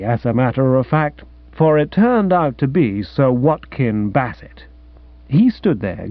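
A man narrating a comic audiobook with a lively, mock-grand storytelling manner. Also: medium pitch, no echo. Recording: dry, dull lo-fi recording.

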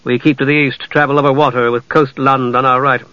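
A narrator gives voice to a proud, stern dark knight who speaks slowly and with grave weight. The storybook reading has a muffled, lo-fi tone and a dry, close sound. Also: male voice, medium pitch, flat delivery, dry recording, lightly acted. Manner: slow, measured, grave.

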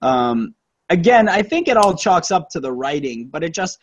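A man's voice: fairly high pitch, sing-song, normal speed, no echo. A man co-hosting a casual movie-review chat, rambling and profane, with lots of fillers and self-corrections. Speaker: podcast co-host reviewing a movie.

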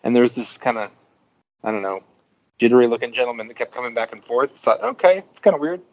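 A man's voice: medium pitch, lively intonation, quick pace, dull audio. A man co-hosting a podcast, telling a rambling anecdote in casual chat. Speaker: podcast co-host.

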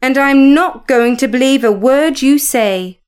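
A woman's voice: high-pitched, measured pace, a little mellow, smooth. A woman reading aloud as a lovesick eighteen-year-old girl, indignant and close to tears. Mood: defiant.

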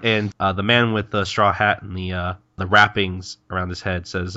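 A man co-hosting a podcast talks through a manga chapter with a forceful, bright tone. His voice sounds close and dry on dull, lo-fi audio. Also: low voice, flat delivery, moderate pace, few pauses, no echo. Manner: chatty, stumbling and laughing as he recaps. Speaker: podcast co-host. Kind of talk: casual chat retelling a manga chapter.

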